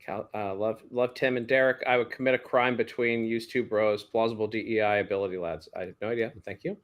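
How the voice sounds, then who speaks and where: A man hosting a political talk show, quick and jokey in a casual, irreverent way. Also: fairly low pitch, fairly even intonation. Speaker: podcast host.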